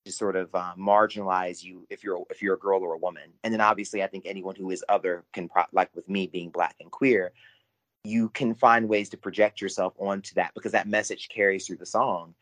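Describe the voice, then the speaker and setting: Effusive man with a lowish voice, co-hosting a casual podcast discussion. He piles up restarts and repeated words as he hunts for the phrasing he wants. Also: flat delivery, a little fast, fairly bright tone. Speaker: podcast co-host.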